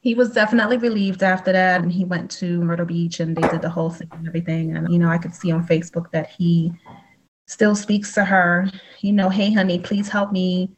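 A woman guest in an interview telling stories in a lively way, acting out the dialogue as she goes. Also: lowish voice, fairly quick, a little hiss or hum, rough recording. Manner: animated, acts out dialogue in storytelling. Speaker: guest, psychic medium. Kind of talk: conversational storytelling.

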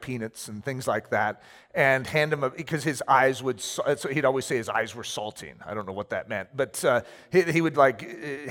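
A pastor giving an animated sermon, telling stories with acted-out asides. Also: male voice, mid-range voice. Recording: reverberant hall.

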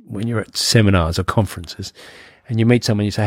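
A man's voice: lowish voice, brisk, no echo, studio quality. A man, a film producer, chatting as a podcast guest, musing with lots of fillers and restarts. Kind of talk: casual interview chat.

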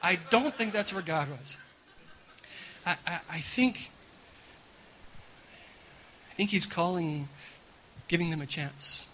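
A man preaching at a church gathering with a bright, forward tone, sitting slightly high for a male voice. He is animated and conversational, often repeating words as he restarts. He keeps checking in with his listeners. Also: slow pace, long pauses, slight background noise, rough recording. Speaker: guest pastor. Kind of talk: sermon.

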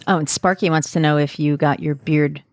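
A middle-aged woman co-hosting a podcast, chatting in an animated, joking way with laughs. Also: sits low, fairly quick, dry recording. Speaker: podcast co-host. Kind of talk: casual chat.

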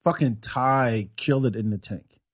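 A man's voice: mid-range voice, moderate pace. A comedian on a podcast in loose casual chat, swearing freely and stammering as he restarts sentences.

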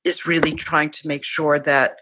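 A middle-aged woman, a psychologist and author, appears as a guest on a podcast interview, speaking warmly and earnestly and acting out the voices she quotes. Her voice is low and level, at a moderate pace, in a dry recording.

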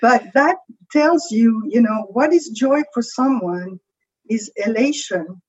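A woman's voice: on the high side, animated, slow pace, darkish tone, slightly rough, dull audio. A woman with a French accent, a creativity coach, explaining ideas in a conversational interview and often checking in with "right?".

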